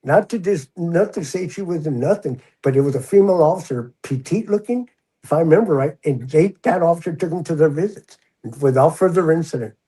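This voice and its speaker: As a guest in a laid-back podcast interview, a retired prison officer spins a casual story, his older voice husky and mellow but pitched slightly high. Talking a little fast, he lively performs the lines of the people in his tale, captured on a rough recording.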